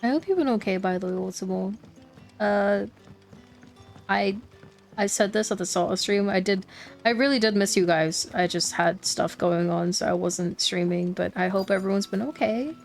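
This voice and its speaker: A woman's voice: medium pitch, moderate pace, soft background music. Playful woman streaming a game. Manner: playful, chatty, talks to herself, laughs easily. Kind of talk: casual gaming commentary.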